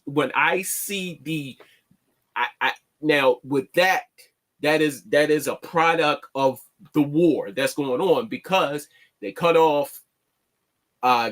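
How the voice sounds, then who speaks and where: A man hosting an online show, talking in a casual, halting monologue and restarting his words often. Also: a little high, fairly bright tone. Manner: plainspoken, slangy.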